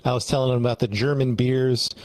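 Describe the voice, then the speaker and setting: A man's voice: medium pitch, steady tone, quick pace, darkish tone, no echo. Male church host, mid-range voice, friendly and talkative, loose with fillers. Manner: upbeat, chatty, frequent fillers. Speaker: pastor and livestream host. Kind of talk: casual chat.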